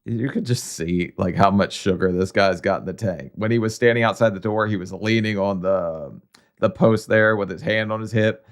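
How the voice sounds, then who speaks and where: A man's voice: on the low side, moderate pace. A man hosting a reaction video, giving blunt, mocking casual commentary.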